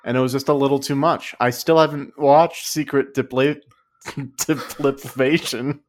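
A man's voice: mid-range voice, steady tone, a little slow. A man co-hosting a casual comedy podcast, talking in a wry, dry way and often breaking into laughter. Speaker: podcast co-host.

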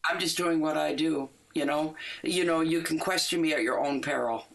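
An older woman, a rock musician, telling stories in a casual interview, animated and quick to laugh, acting out the lines she quotes. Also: sits low, vocal fry, low-quality recording. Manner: animated, laughs often, acts out quoted dialogue.

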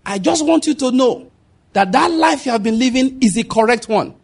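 A man's voice: very high voice, animated, moderate pace, husky, pitched above the performer's own voice, full character voice. A preacher acting out a man calling insistently across a road.

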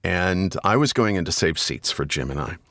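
A middle-aged man, an audiobook narrator, telling stories casually as a podcast guest, animated and swearing freely, with sudden loud high-pitched asides. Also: moderate pace, dry recording, studio quality. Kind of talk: casual storytelling interview.

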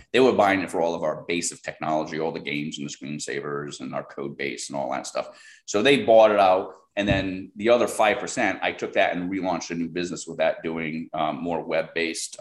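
A middle-aged man, a guest telling a business story in a casual interview, rambling with fillers and acting out the people he quotes. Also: a bass voice. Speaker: guest, software business founder.

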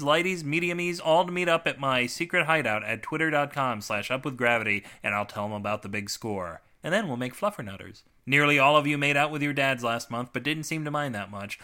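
A man hosting a comic podcast and reading his own short story, full of sardonic, self-mocking deadpan asides. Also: mid-range voice.

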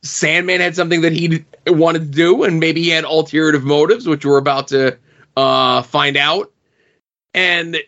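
A middle-aged man co-hosting a podcast, talking through a comic thoughtfully and pausing to search for words. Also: fairly high pitch, fairly bright tone, highs cut off. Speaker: podcast co-host. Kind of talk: casual comic book discussion.

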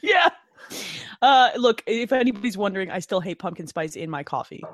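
A woman co-hosting a casual podcast chat, animated and profane, laughing often. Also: medium pitch, brisk. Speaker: podcast co-host.

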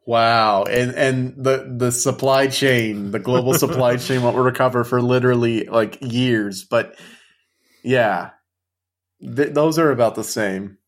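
Deadpan teasing man in casual chat. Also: medium pitch, measured pace. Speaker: podcast co-host running the list.

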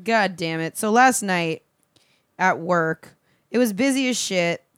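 A woman telling a work story on a podcast in a casual, profane, animated way, laughing often. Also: lowish voice, takes it slowly, smooth, no echo, clean studio sound. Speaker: show regular and guest co-host. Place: podcast studio.

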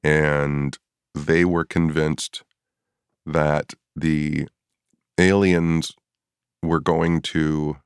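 A man's voice: very deep voice, little pitch movement, drawn-out words, long pauses, smooth, no room sound, studio quality. A middle-aged man and paranormal investigator telling a story in a casual podcast chat, acting out his own past reactions.

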